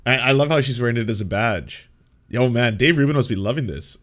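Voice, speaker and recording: A man's voice: mid-range voice, brisk. A man hosting a reaction commentary, making sarcastic, mocking asides. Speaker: commentary channel host.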